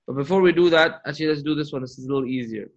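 A man's voice: a little high, racing. A man teaching Arabic grammar in a live lesson, patient and encouraging, drilling terms aloud. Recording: muffled lo-fi audio.

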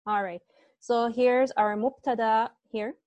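A woman's voice: fairly high pitch, steady tone, slow, darkish tone, no echo, dull audio. Woman teaching an online Arabic grammar class. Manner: patient, explains step by step, asks students questions. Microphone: earbuds.

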